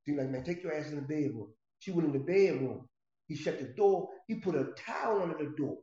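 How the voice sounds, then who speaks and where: A man's voice: on the high side, animated, brisk, warm tone. A middle-aged man casually telling a story from his past, streetwise and profane, rambling with restarts. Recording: roomy, slightly dull recording.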